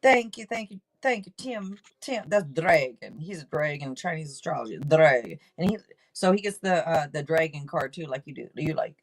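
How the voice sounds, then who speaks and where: Excitable woman hosting a tarot stream. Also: deep voice, normal speed, poor audio. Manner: excitable, swears casually, rambling restarts. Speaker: tarot reader and live stream host. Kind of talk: casual live-stream chat.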